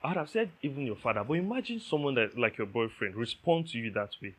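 A man's voice: medium pitch, very animated, fast, a bit bright, breathy edge. A man preaching a sermon, emphatic, repeating key phrases and checking that listeners understand.

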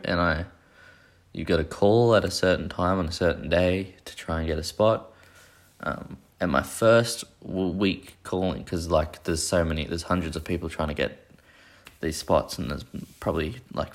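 Casual podcast host: young guy, deep and gravelly, rambling and self-mocking. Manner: rambling, profane, self-deprecating. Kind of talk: casual solo chat.

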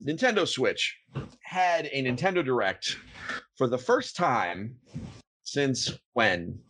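A man's voice: medium pitch, sing-song, slow pace, fairly bright tone, breathy edge. Playful male podcast host. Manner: playful, reads aloud with a put-on pirate lilt. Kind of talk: casual podcast chat, running a word game.

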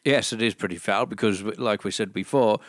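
A man co-hosting a podcast, trading absurd deadpan jokes in improvised banter. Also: fairly low pitch, fairly quick, no room sound, clean studio sound. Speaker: podcast co-host.

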